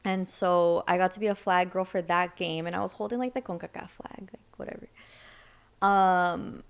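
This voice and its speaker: A woman's voice: normal speed, vocal fry, clear, resonant tone. A young woman from Seattle, a podcast guest, telling a story in a casual chat, acting out the people she quotes. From Seattle, United States. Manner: animated storyteller, acts out quoted voices with sudden high pitch.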